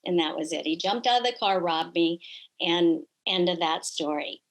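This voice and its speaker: A middle-aged woman telling personal stories in an earnest, reflective way, often pausing on fillers as a guest in a conversation. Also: on the low side, low-quality recording.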